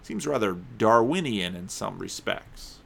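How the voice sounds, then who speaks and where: A man's voice: on the low side, animated, a little slow, creaky, a bit bright. A man giving a conversational sermon, reading scripture aloud and breaking off for wry, casual asides, with occasional stumbles and restarts. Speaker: preacher.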